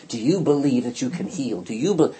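This Bible teacher's mid-range voice is animated and fairly quick, dark in tone with a breathy edge. Reading scripture aloud, he explains it emphatically, repeating key words and questioning the class.

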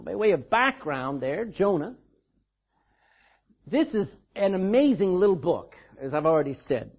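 A man's voice: high-pitched, very animated, measured pace, breathy edge, muffled recording. A man preaching a sermon in a church, telling the story dramatically and with emphasis. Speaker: pastor.

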